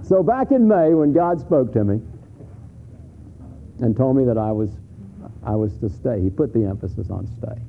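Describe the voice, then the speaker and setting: A man's voice: mid-range voice, lively intonation, normal speed, creaky, long pauses. A middle-aged man, a pastor, preaching a sermon in a candid, conversational way, stumbling over restarts and rising to emphatic peaks. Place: church sanctuary. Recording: phone-like lo-fi sermon recording with faint hiss.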